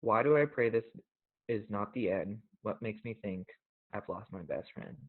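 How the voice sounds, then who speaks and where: Earnest low-voiced man on a tinny line. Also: lively intonation, normal speed. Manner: earnest, reflective, gently emotional. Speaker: podcast host. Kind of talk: casual talk and reading poems aloud. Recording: tinny phone-like audio.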